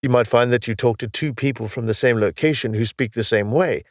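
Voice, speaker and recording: A man's voice: medium pitch, fairly quick, dry recording, studio quality, close to an everyday voice. A man voicing a patient, explanatory space officer. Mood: explaining. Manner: patient, explanatory, lightly wry. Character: calm knowledgeable male future space officer.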